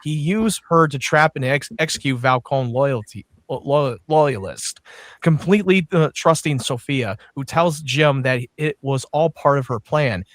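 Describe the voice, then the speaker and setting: A man's voice: mid-range voice, animated, measured pace, no room sound. A man co-hosting a casual podcast chat, stumbling through an episode recap and swearing in banter. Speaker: podcast co-host.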